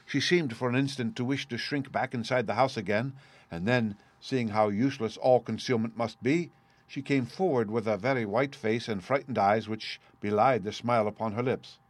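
A man narrating a story in the first person, measured and earnest, in a dry close recording. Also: medium pitch, dry recording. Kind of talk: scripted audiobook narration.

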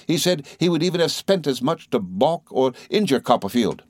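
An earnest, eager young lawyer explaining matters with brisk energy, as a male reader puts him on. The voice is lifted a little above his own and sounds close and dry. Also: fairly high pitch, big pitch swings, breathy edge, dry recording, voice pushed up.

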